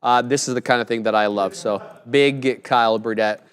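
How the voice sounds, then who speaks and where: A man co-hosting a live trading stream, laid-back and jokey, giving enthusiastic shout-outs to viewers. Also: medium pitch, steady tone, moderate pace. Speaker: stream co-host.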